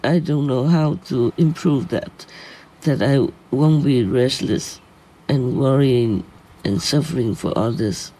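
A man's voice: mid-range voice, slow pace, dark tone. A man speaking an earnest, pleading, emotional prayer. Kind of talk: spoken prayer.

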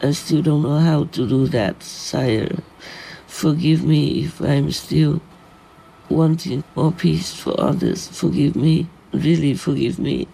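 A man's voice: on the high side, gravelly, warm tone. A man speaking an earnest, pleading, emotional prayer. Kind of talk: spoken prayer.

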